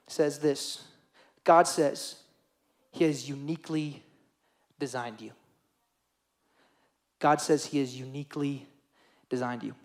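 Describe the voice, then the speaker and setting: A young man preaching a sermon to teenagers as youth pastor, earnest and emotional, repeating phrases for emphasis. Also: fairly high pitch.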